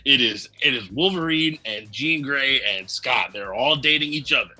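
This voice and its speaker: A man co-hosting a casual chat show, animated and laughing often, acting out quoted lines as he talks. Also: medium pitch, normal speed. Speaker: co-host. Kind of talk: casual chat about tabletop games and anime.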